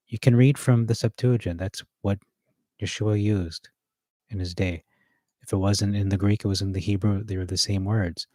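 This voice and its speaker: A man rehearsing a sermon, reading scripture aloud and pausing with fillers and self-corrections. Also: sits low, mellow, dry recording. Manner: reads verses aloud, with hesitant fillers and self-corrections between. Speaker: preacher.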